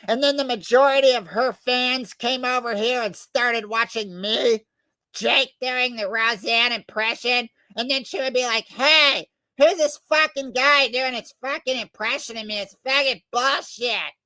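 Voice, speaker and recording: A man's voice: very high-pitched, measured pace, pushed and bright, no echo, pitched above the performer's own voice, full character voice. A man doing a comedic impression of a brash, foul-mouthed, middle-aged woman comedian who rants and boasts crudely. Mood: boastful.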